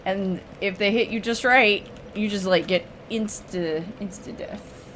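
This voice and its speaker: Slow-talking woman streaming a game. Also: mid-range voice, fairly bright tone, a little hiss or hum. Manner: chatty, emotional, jokey reactions. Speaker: streamer playing a video game. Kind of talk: casual gameplay commentary.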